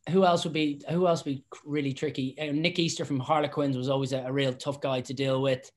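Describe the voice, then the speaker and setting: A man who used to be a professional referee, chatting on a podcast and telling lively anecdotes with lots of restarts and repeated words. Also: mid-range voice, a little fast. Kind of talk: casual podcast chat, anecdotes.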